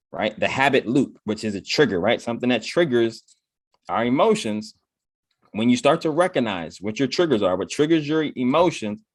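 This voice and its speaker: Male motivational speaker, casual, mid pitch, dry close sound, habitual "right?" tag. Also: no echo. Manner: repeats "right?" after nearly every point; acts out his own inner voice in quotes.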